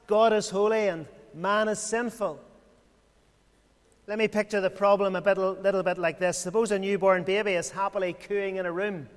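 High-voiced male preacher in a reverberant hall. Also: fairly bright tone. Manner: measured, rhetorical questions and repeated phrases. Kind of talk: sermon.

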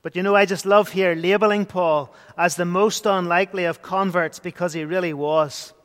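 A man preaches with a notably high voice, earnest and rising into emphatic bursts. His words ring out with a long church reverb trailing behind. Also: steady tone, normal speed, fairly bright tone. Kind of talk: sermon.

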